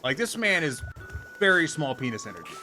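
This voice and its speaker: A man's voice: a little high, sing-song, a little fast, music in the background. A man streaming and telling a story in a casual chat style, ranting with lots of profanity.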